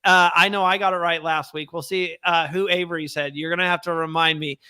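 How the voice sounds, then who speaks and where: A young man co-hosting a fan podcast, his voice high and bright. He sounds smooth and crisp, close and dry with no room sound. He chats casually and with energy. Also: fairly quick, no room sound. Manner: animated, reads chat comments aloud. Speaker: podcast co-host. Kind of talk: casual chat.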